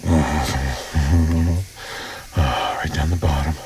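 A man speaking in an intimate audio role-play, murmuring low and often slipping into whispers and sighs. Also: drawn-out words, very noisy.

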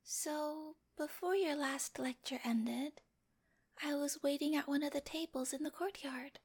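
A woman voicing a sweet but obsessive young girlfriend with a dark streak in a whispered role-play, speaking straight to the listener with giggles and coaxing whispers. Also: sits high, a little slow. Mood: creepy adoring. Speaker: voice actor in listener-addressed audio drama.

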